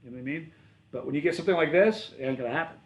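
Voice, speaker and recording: A friendly livestream host with a fairly high voice talks very fast as he reads chat and rambles through his answers, regularly correcting himself partway through sentences. The recording is rough.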